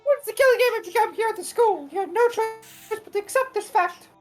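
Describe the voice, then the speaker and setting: A woman co-streaming a game who reads a story recap aloud in a dramatic, expressive way. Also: extremely high pitch, fairly quick, faint music behind.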